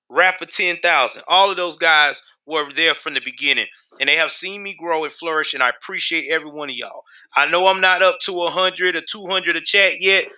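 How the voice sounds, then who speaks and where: Male livestream host, heated and profane, sharp bright high voice. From United States. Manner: heated, profane, talks back to chat. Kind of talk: casual live-stream commentary.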